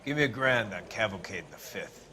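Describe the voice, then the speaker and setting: A man playing a gambler placing bets, low and conspiratorial. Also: lively intonation, a little fast, natural voice. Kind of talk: game dialogue. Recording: roomy, distant game audio with loud noise.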